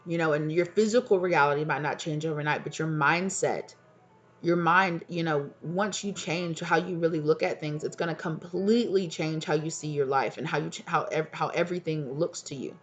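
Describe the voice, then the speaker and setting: A woman's voice: highs cut off, soft background music. A woman tarot reader speaking straight to her viewers, affectionate and soothing, often checking in on them. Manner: soft and soothing, deliberately lowered voice. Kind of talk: tarot reading addressed to viewers.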